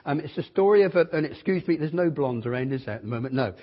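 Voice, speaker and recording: A man's voice: on the high side, expressive, fast. A man, a visiting preacher telling jokes and then preaching a sermon. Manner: humorous storytelling, then earnest preaching. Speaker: guest preacher. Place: church. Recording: dull lo-fi recording in a reverberant church hall.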